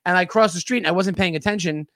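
A man's voice: sits high, fast, dry recording, clean studio sound. A man telling stories on a podcast, swearing freely and acting out what people said. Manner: animated storyteller, swears freely, acts out quotes. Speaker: podcast host. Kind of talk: casual podcast chat.

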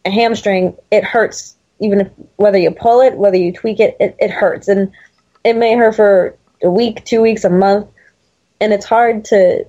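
A woman talking sports on a podcast in a casual, rambling way, often restarting her sentences. Her voice is mellow and warm, and the recording is dull and lo-fi. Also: mid-range voice, fairly even intonation, normal speed. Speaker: podcast co-host.

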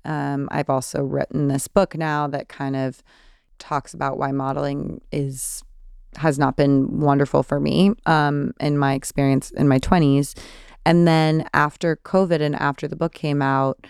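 A woman in her thirties with a Californian accent and vocal fry, chatting casually as a podcast host answering listener questions. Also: low-pitched, little pitch movement, a little slow, a little mellow, dry recording, clean studio sound. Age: 30s. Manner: chatty, many fillers and restarts. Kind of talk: casual solo Q&A.

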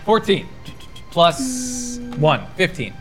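A man playing a tabletop game, excitable and enthusiastic about his turns. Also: a little high, drawn-out words, music in the background. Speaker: player.

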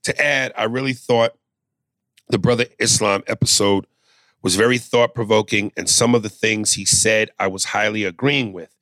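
A man's voice: fairly low pitch, steady tone, normal speed, fairly bright tone, no echo, clean studio sound. A man co-hosting a podcast in casual, joking chat, swearing freely. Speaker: podcast co-host.

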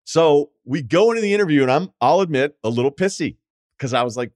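A man's voice: medium pitch, big pitch swings, quick pace, no echo, clean studio sound. A man hosting a podcast, telling a rambling, profane anecdote in a casual storytelling way. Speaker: podcast host.

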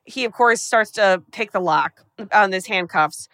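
A woman podcast host recapping a film for a guest, telling it fast and breathlessly, with lots of profanity. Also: mid-range voice, sharp tone, no echo. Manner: rapid, profane, breathless storytelling.

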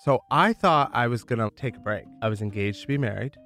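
A man's voice: mid-range voice, animated, a little fast, fairly bright tone, faint music behind. A man from Michigan telling his founder story in a candid, chatty way, dropping "like" often. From Michigan, USA. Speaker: entrepreneur guest. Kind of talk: casual storytelling.

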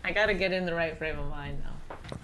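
A woman's voice: low voice, a little fast, bright, forceful tone, slight background noise. A woman co-hosting a casual comedy chat, dry and teasing. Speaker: co-host.

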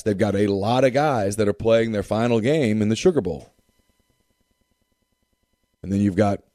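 Low, mellow-voiced man talking sports. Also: dry recording, clean studio sound. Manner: emphatic, repeats phrases for effect. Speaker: sports talk co-host. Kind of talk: casual sports talk.

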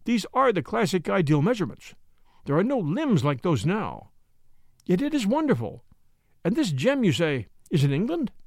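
A man voicing a grave, kindly older art professor who speaks with measured fervor. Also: sits high, big pitch swings, a little mellow, dry recording, clean studio sound, exaggerated voice. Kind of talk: audiobook character voice.

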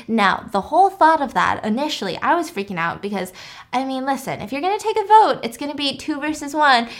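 A woman's voice: sits high, animated, brisk. A young woman hosting a podcast, retelling a movie in casual chat, full of fillers and laughing often. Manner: chatty storyteller, filler-heavy, laughs often. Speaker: podcast host.

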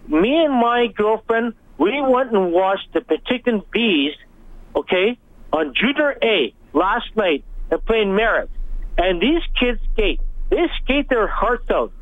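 Male caller, high-pitched, venting hard, tinny phone line. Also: no echo. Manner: frustrated, rambling, acts out what he said. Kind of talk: call-in radio rant.

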